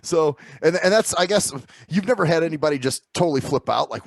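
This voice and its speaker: Gravelly, lively male podcast host. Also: on the high side, brisk, no room sound. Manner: laughs along, loose filler-heavy questions. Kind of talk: casual interview chat.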